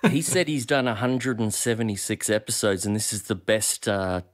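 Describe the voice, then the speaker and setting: A man's voice: lowish voice, normal speed, very noisy. A man reading viewer questions to the panel and teasing in casual chat.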